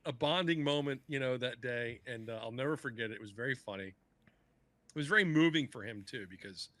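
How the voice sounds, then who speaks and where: Bright-voiced man telling stories profanely. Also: medium pitch, fairly quick, no room sound. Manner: profane, acts out other people's lines. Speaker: podcast guest. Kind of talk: casual storytelling chat.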